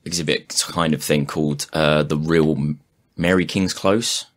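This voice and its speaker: Man, very low voice, casual podcast chat, rambling, sweary. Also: fairly even intonation, a little slow. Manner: rambling, sweary, laughs often.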